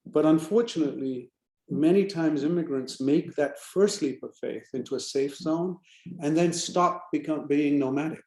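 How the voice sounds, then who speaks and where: A man's voice: on the high side, measured pace, darkish tone, roomy sound. A man giving reflective, emphatic advice as the guest in a fireside chat over a video call. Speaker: guest speaker.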